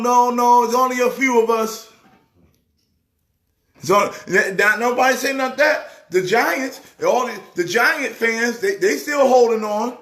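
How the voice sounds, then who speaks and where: A man who is a pastor, talking sports casually in an excitable way, repeating words with a preacher's rhythm. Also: very high-pitched, unhurried, reverberant. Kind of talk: casual sports talk show.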